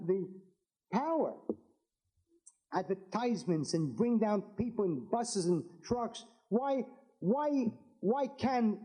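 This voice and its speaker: Fervent high-pitched man giving a speech. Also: dark tone, low-quality recording. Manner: fervent, repetitive, builds to emphatic declarations. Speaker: rabbi and political speaker. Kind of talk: impassioned political speech to an audience.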